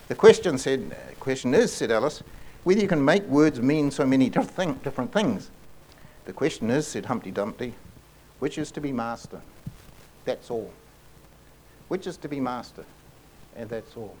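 A man's voice: medium pitch, darkish tone, a little hiss or hum. Earnest male pastor preaching. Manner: earnest, repeats and restarts phrases, slows to stress key lines. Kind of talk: sermon.

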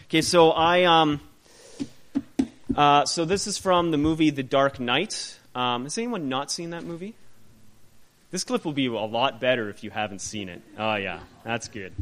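A man teaching a Bible passage to a group in a casual, animated way, asking rhetorical questions and often restarting his sentences. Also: a little high, normal speed, a little hiss or hum.

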